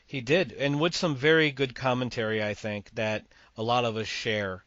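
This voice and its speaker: A man's voice: mid-range voice, steady tone, normal speed, a bit bright, dry recording, muffled recording. A man from Massachusetts hosting a podcast, giving opinionated, rambling movie takes. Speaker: podcast host. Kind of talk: casual movie chat.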